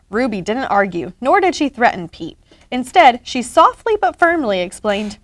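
Animated woman reading a picture book. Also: on the high side, moderate pace, no echo. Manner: expressive, animated. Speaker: story reader.

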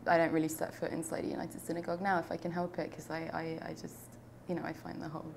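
A woman's voice: low voice, monotone, fast, creaky, noisy background. A young woman from London, talking reflectively in an oral history interview, with frequent fillers and restarts. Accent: London English. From United Kingdom.

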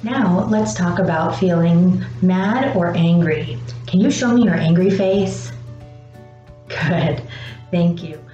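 Gentle woman teaching young children. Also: fairly low pitch. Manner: slow, encouraging, pauses for answers. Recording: dull roomy sound with faint music.

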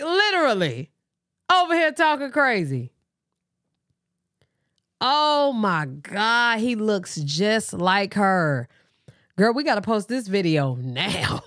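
A woman hosting a live reaction stream, excitable, squealing and laughing often. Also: fairly high pitch, dry recording, clean studio sound. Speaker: reaction livestream host.

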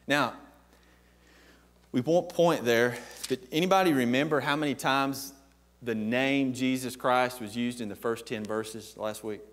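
A man's voice: mid-range voice, normal speed, a bit bright. A man preaching a sermon as pastor, emphatic and posing questions to the congregation.

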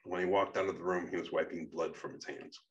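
Deep-voiced man reading a memoir. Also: fairly even intonation, fast, slight background noise. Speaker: narrator. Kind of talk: reading a personal memoir aloud. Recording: muffled, distant mic.

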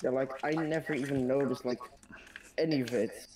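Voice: medium pitch, moderate pace. Casual, teasing co-host, slightly distant with faint background noise.

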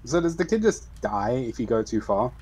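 A young man chatting casually on a game stream, relaxed and teasing, with some swearing. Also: mid-range voice, moderate pace, slightly rough. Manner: laid-back, teasing, swears. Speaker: co-host friend. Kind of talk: casual chat.

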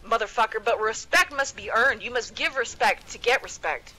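A woman's voice: on the high side, animated, normal speed, sharp tone, poor audio. A woman in her thirties at home, venting bluntly and profanely to a friend in a casual voice chat. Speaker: gamer in voice chat.

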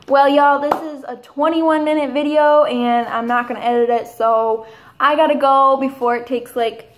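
A young woman in her twenties chatting casually at home in a haul video, gushing and rambling with drawn-out enthusiasm. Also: high-pitched, fairly even intonation, noisy background. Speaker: vlogger.

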